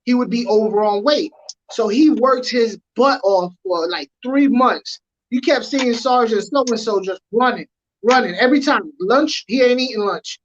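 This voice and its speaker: A woman telling a long anecdote in an animated, slangy way on a casual podcast. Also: a little high, lo-fi sound. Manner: animated, drawn-out storytelling with slang. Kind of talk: casual podcast chat, storytelling.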